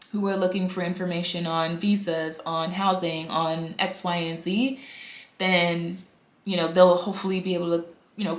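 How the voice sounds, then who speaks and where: A woman vlogging from home in a rambling, chatty way, full of "you know" fillers. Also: lowish voice. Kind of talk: casual chat to camera. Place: indoors at home, upstairs. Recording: echoey room.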